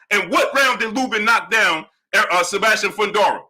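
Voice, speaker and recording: A man running a live boxing stream, his voice bright and sharp and pitched a little high for a man. He rattles off analysis in an animated way, punctuating it with "right?" and "you understand?", then drops into low mumbled shout-outs to viewers. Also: brisk. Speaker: livestream host.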